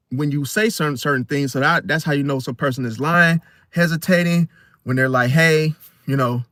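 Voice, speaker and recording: A clean, dry studio recording captures a man with a fairly high, sharp voice preaching casually about star signs. As an astrology commentator, he imitates others' voices and keeps asking "see?" and "right?".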